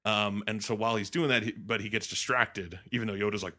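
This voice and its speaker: A man retelling a film in casual chat, animated and swearing, slipping into quick impressions of the characters. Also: fairly low pitch. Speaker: co-host. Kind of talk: casual movie recap chat.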